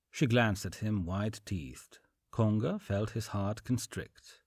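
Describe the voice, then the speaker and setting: A man reading an audiobook story in an expressive storytelling manner. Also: on the low side, takes it slowly, no echo, clean studio sound. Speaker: audiobook narrator. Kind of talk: audiobook narration.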